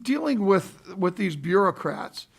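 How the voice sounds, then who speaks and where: A man's voice: sits high, big pitch swings, measured pace, gravelly, husky. A man on a school board giving folksy, emphatic remarks at a public meeting. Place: meeting room.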